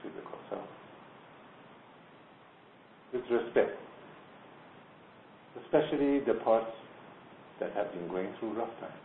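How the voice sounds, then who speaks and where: A man leading a guided meditation as a teacher. He talks slowly and deliberately, repeats phrases, and leaves long pauses. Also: fairly low pitch, expressive, vocal fry, slight background noise. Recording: tinny phone-like sound in an echoey room.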